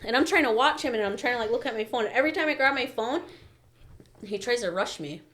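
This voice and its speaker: A woman on a podcast telling a story in casual chat, animated and profane, acting out the people she quotes. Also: fairly high pitch, fast. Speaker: podcast guest, daycare teacher.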